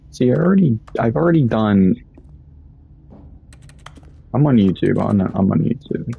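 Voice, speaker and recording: A man's voice: mid-range voice, animated, unhurried, creaky, long pauses, husky, phone-quality sound. A young man casually commenting while he plays, rambling through stories and swearing often. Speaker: gaming streamer.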